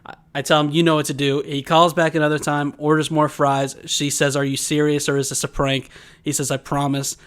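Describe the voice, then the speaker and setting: A man's voice: on the high side, little pitch movement, fairly quick, a bit bright, clear, resonant tone. Rambling, laughing male podcast host. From Georgia, USA. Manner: rambling storyteller, laughs often. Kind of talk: casual chat.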